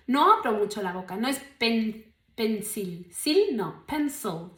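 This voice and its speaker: A woman with an Australian accent teaching English, slowly and carefully modeling each word's pronunciation for learners. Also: a little high, big pitch swings, a bit bright. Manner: slow, deliberate pronunciation modeling. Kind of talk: language lesson drills. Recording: roomy echo.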